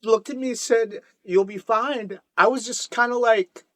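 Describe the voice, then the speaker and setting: A man telling his own story in an emotional podcast conversation, expressive and halting, laughing often and tearful. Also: very high-pitched, no echo. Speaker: guest.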